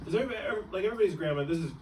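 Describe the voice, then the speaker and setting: Young man, stand-up comedy set, lively swooping delivery, rambling, self-interrupting, noisy room. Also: high-pitched, racing, distant mic. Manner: rambling, self-interrupting, laughs at own jokes. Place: comedy club stage before a laughing audience.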